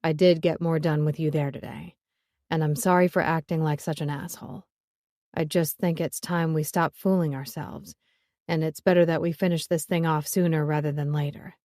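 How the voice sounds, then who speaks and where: A woman voicing a gruff, sullen bearded man with a hurt hand, speaking curtly in an audiobook. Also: deep voice, fairly even intonation, normal speed, a little mellow, no echo, studio quality. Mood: coaxing. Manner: growling, curt, sullen. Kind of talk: audiobook character voice.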